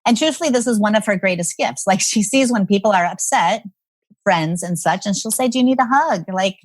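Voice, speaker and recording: A woman's voice: mid-range voice, brisk, no echo. A woman guest, a parenting expert, telling stories in a podcast interview and acting out the voices in her quotes. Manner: animated storyteller who acts out quotes.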